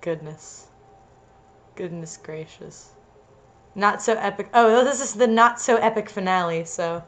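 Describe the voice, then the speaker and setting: A woman's voice: mid-range voice, measured pace, fairly bright tone. A young adult woman co-hosting and theatrically reading fiction aloud for laughs. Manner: giggly, theatrical. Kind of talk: comedic dramatic reading.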